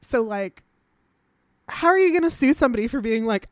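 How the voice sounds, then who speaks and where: A woman's voice: a little high, animated, fairly quick, long pauses, no echo, studio quality. A woman co-hosting a casual chat, reading news aloud with many fillers and restarts. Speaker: podcast co-host.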